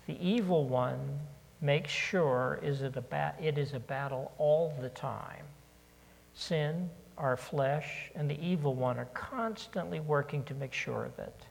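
A preacher gives an earnest sermon in a slow, unhurried delivery, repeating key questions to drive them home. The voice is husky with a gravelly edge. It rings out with the long reverb of a large church sanctuary. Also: medium pitch.

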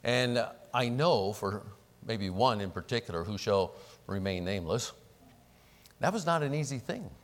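A man preaching a sermon as pastor, animated and acting out the prayers and apologies he quotes. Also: fairly low pitch, normal speed. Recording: long reverb of a large hall.

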